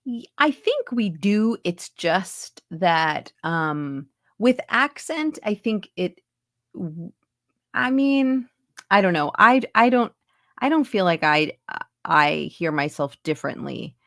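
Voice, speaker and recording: Lowish woman's voice, chatty voice coach on a video call, dead dry room. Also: expressive, slow pace, a bit bright, no room sound. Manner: chatty, explains with lots of asides. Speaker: accent and dialect coach, voice actor. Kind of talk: casual interview chat. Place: home recording booth.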